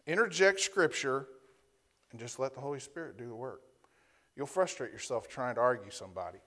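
A man's voice: medium pitch, fairly quick, fairly bright tone. A male pastor preaching to a congregation in a church, reading Scripture aloud, explaining Hebrew and Greek words and often ending his points with a rhetorical "right?". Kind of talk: sermon.

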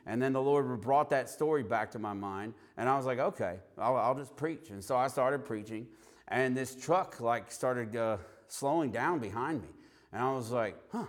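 A man's voice: mid-range voice, moderate pace. A man preaching and telling a personal testimony, acting out quotes as he goes. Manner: animated storyteller who acts out quotes. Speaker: street preacher. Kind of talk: sermon testimony storytelling.

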